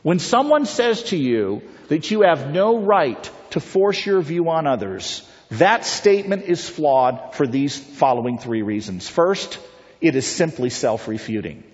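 In a dull, echoing lo-fi hall recording, a man delivers a persuasive pro-life talk full of stories and rhetorical questions for his listeners. He sounds a little high-pitched, very animated, and unhurried.

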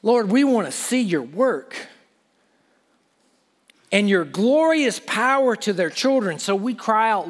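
A man's voice: high-pitched, expressive, a little slow, long reverb tail. A man preaching a sermon with impassioned, pleading delivery and conversational asides.

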